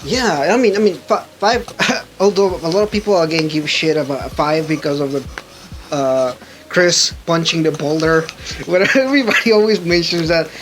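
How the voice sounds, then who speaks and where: A man with a slightly high voice hosts a casual podcast, rambling excitedly about his favorite games and tripping over his words. A faint hiss of noise sits under the recording. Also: moderate pace. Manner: rambling, excitable, frequent restarts and laughs. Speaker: podcast host. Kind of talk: casual gaming chat.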